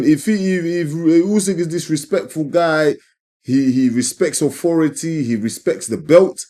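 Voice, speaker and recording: A man's voice: mid-range voice, mellow. A man giving emphatic, repetitive opinions in a casual commentary vlog. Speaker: boxing commentator.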